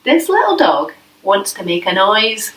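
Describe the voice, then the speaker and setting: A woman leading a yoga class for children, speaking gently and playfully with coaxing questions. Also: medium pitch, big pitch swings, a little slow, a little hiss or hum. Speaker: yoga teacher. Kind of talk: guided kids' yoga class. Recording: echoey room, voice from a distance.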